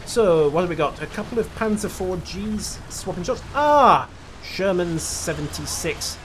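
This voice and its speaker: Dry gamer-commentator, slightly high voice, wry and knowledgeable, loud game sounds behind. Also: male voice, lively intonation, moderate pace, background noise. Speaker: gameplay commentator.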